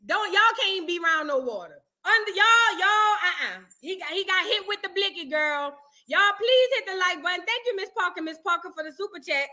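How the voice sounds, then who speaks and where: A woman hosting a live reaction stream, joking and animated in heavy slang. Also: very high voice. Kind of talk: casual live-stream commentary.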